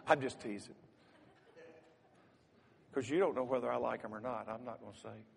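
A man's voice: mid-range voice, moderate pace, creaky, husky, big-room sound. A man preaching a sermon as a pastor, telling a folksy story and teasing the congregation.

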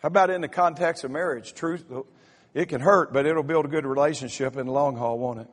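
In a church sanctuary, a male pastor delivers a humorous, folksy sermon, rallying the congregation and stuttering through repeated "uh"s. His voice is a little high and fairly quick. The church sound carries a long reverb.

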